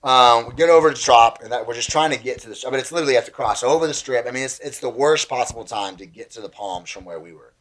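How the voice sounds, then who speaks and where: A man, a pastor telling a story in casual conversation on a podcast, excitable and acting out the voices of people in it. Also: mid-range voice, fast, hardly any pauses. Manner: animated, excitable storyteller who acts out voices.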